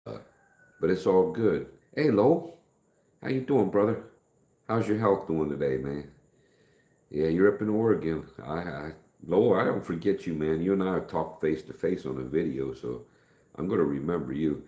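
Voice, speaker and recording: Speaking in a low voice at a moderate pace, a middle-aged live streamer is very animated despite talking softer than usual. The room sounds roomy as he rambles folksily and calls out viewers by name.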